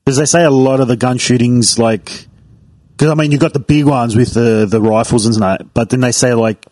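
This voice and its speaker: A man's voice: mid-range voice, fairly even intonation, moderate pace, darkish tone, no room sound. A man in casual podcast chat, hesitant and qualifying his points.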